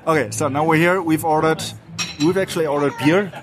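A man's voice: a little high, fairly even intonation, brisk, background noise. A man hosting a podcast in casual chat, adding short, dry remarks. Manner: brief, dry interjections. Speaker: podcast host. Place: restaurant, then home balcony.

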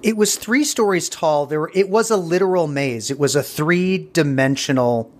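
Guy on an interview telling a long rambly story, kinda higher voice, keeps hunting for words. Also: moderate pace. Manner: digressive, searching for words mid-sentence. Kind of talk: casual storytelling.

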